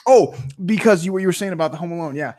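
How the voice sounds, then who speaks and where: A man from Chicago co-hosting a casual webinar, with a fairly high-pitched voice. He tells stories in a rambling, profane, animated way, with many restarts. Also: very fast. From Chicago, USA. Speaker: co-host.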